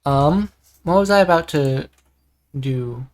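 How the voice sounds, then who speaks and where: Deep-voiced woman streamer, chill, kinda scattered. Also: takes it slowly. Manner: relaxed, easily distracted, reading narration then chatting. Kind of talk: live-stream chat and commentary.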